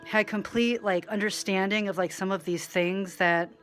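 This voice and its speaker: A woman vlogging in a rambling monologue, full of "like" and side tracks, swinging between loud animated bursts and quiet asides. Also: medium pitch, normal speed, soft background music. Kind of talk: rambling direct-to-camera monologue.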